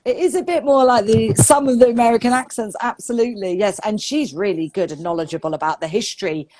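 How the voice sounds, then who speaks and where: A woman's voice: a little high, quick pace, background noise. A woman from the UK with a southern English accent, an English teacher talking casually and expressively in a live-stream conversation. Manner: chatty, expressive, laughs often.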